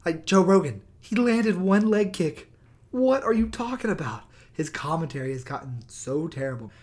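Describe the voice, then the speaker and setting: A man's voice: high-pitched, animated, moderate pace, a little mellow. Heated, cursing young guy ranting. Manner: swears a lot, heated and sarcastic. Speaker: YouTuber. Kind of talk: profane rant. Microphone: new microphone.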